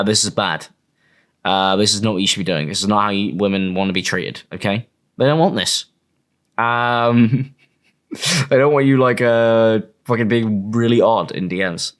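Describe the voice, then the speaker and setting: A young man delivers casual online commentary in a sarcastic, mocking tone and swears freely. His voice sits fairly low but swings widely in pitch as he talks. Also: a bit bright. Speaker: commentary YouTuber.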